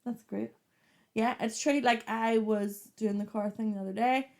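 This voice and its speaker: A Northern Irish woman co-hosting a relaxed podcast. She rattles through anecdotes in an animated, chatty way and is quick to laugh. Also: on the high side, gravelly. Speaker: podcast co-host. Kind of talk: casual chat.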